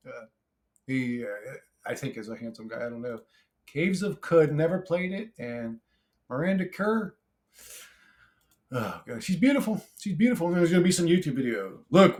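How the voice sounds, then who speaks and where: A man's voice: fairly high pitch, a little mellow. A man casually reading and answering viewer comments, brash and profane, rambling with many restarts and frequent laughter. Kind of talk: casual comment-reply monologue.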